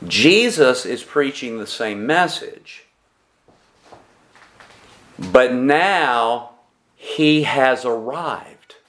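A man preaching a sermon to his congregation, deliberate and measured, posing rhetorical questions to his listeners. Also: medium pitch, animated, fairly bright tone. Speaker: pastor.

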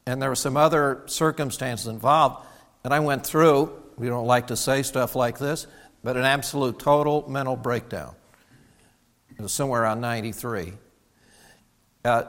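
A man's voice: medium pitch, a bit bright. Earnest middle-aged male pastor in a reverberant hall. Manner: earnest, personal, with frequent restarts. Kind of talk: sermon.

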